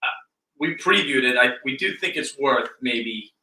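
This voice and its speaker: Man co-host, very bright and sharp tone, slightly high, off-mic in an echoey cellar, teasing. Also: lively intonation, a little slow. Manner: joking, teasing, swears casually. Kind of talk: casual live-show banter. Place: wine cellar. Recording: echoey room, distant mic.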